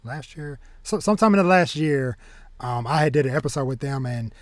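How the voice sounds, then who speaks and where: A man hosting a podcast, chatting casually in a halting way, with restarts and easy laughs. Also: mid-range voice, lively intonation, dry recording, clean studio sound. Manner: halting, many restarts and fillers, laughs easily. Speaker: podcast host.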